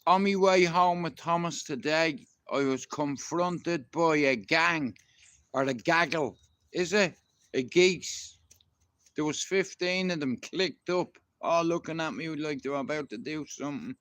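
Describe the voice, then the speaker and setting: A man's voice: fairly high pitch, a little slow, fairly bright tone, dry recording. A middle-aged man with a Dublin Irish accent, telling rambling stories and swearing freely on a live stream from his garden. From Ireland. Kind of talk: casual live-stream storytelling. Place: outdoors in a garden.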